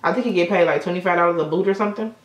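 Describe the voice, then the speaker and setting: Rapid-fire and fairly low in pitch, this beauty vlogger keeps up casual storytelling and frequent swearing during a makeup tutorial. She's in an indoor room at sunset, and her voice carries reverb.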